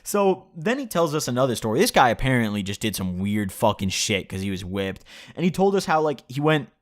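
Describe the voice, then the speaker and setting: A man's voice: medium pitch, big pitch swings, fairly quick. A young man telling a story in a casual way, laughing and swearing freely, with a lot of "like" and "you know". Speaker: vlogger.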